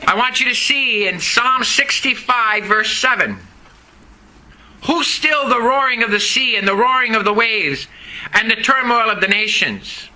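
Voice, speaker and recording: Preacher, male, very high and piercing voice, emphatic, quizzes the congregation. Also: unhurried, low-quality recording. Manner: emphatic, questions the congregation, rises to shouting. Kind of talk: sermon. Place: church service.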